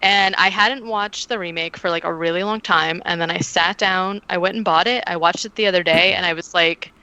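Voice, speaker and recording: A woman's voice: on the low side, fairly even intonation, fairly quick, bright, forceful tone, clean tone, no echo, rough recording. A woman guest on a podcast telling stories in casual chat, hedging with frequent fillers. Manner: chatty, hedging with "um" and "like", storytelling.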